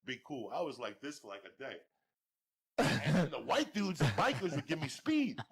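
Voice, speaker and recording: A man with a New York accent telling wild, profane stories as a podcast guest, breaking into booming laughs. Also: huge pitch swings, normal speed, a crowd in the background. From Cuba. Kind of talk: storytelling on a podcast.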